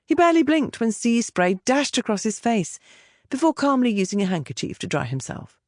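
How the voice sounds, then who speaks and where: A woman narrating a historical romance audiobook with expressive storytelling. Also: a little high, fairly quick, dry recording, studio quality. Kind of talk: scripted narration.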